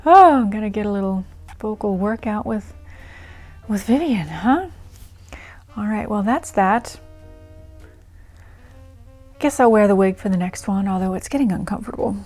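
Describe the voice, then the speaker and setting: A woman's voice: mid-range voice, expressive, normal speed, long pauses, a little mellow, faint music behind. A woman hosting a diary-reading channel, chatting casually to her viewers in a rambling way. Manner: chatty, rambling with fillers and laughs. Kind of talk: casual chat to camera.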